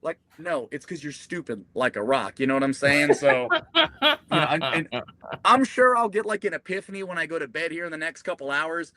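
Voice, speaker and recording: A man, a military veteran, telling profane, animated stories in casual chat. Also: on the high side, a little fast, dry recording, poor audio. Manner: profane, animated, acts out quotes.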